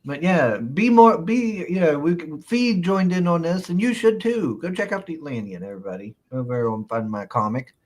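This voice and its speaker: A man's voice: fairly high pitch, normal speed, few pauses, darkish tone. A man hosting a casual live chat show, reading viewer comments with playful mock indignation and frequent laughter. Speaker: host.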